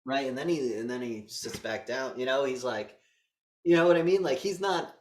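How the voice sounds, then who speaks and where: An animated man co-hosting a movie podcast, swearing freely and jumping into quick voices to act out scenes. His voice sits in a middle pitch, and it rings a little in an echoey room. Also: slight background noise. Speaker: podcast co-host. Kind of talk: casual movie review chat.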